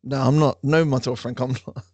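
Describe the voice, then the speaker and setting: A man hosting a lively quiz for a class, playful and teasing with frequent laughter. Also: medium pitch, fairly quick, dry recording. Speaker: online class quiz host.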